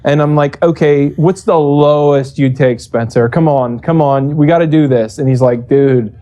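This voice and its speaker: Brief: animated, profane male coach telling a heated story; warm, relaxed voice. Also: fairly high pitch, moderate pace. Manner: profane, animated, acts out quoted exchanges. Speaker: esports coach. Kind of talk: casual storytelling interview.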